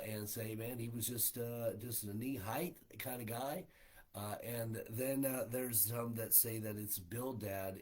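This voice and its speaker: A man leading a livestreamed Bible study as pastor, in a folksy way, with many fillers, putting scripture into plain, everyday speech. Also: mid-range voice. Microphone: livestream setup.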